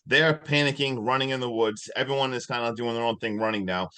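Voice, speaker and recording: A man co-hosting a podcast, recapping a movie plot in a casual, animated way. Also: mid-range voice, fast, smooth. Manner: animated storytelling, laughing often. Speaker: podcast co-host.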